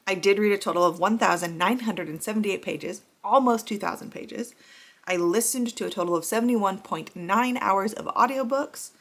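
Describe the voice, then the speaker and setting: Gravelly, bright-voiced woman vlogger. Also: mid-range voice, normal speed. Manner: blunt and profane. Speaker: book vlogger. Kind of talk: casual ranting vlog.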